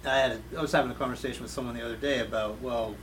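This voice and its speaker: Halting male interviewer, distant mic. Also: medium pitch, steady tone, a bit bright. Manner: halting, many restarts and fillers. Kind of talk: casual interview. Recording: distant mic with clear background noise.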